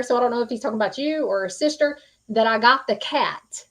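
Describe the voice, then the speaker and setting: Over poor audio, a psychic medium host leads a live-stream reading, her slightly high voice moving briskly. She comes across as earnest and reassuring, folksy in manner, with plenty of filler words.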